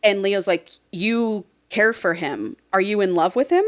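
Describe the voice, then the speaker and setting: A woman's voice: medium pitch, measured pace. A woman co-hosting a podcast, casually retelling a book plot with frank, profane humor. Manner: retells a plot in a chatty way, quoting characters. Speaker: podcast co-host recapping a book. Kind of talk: casual chat.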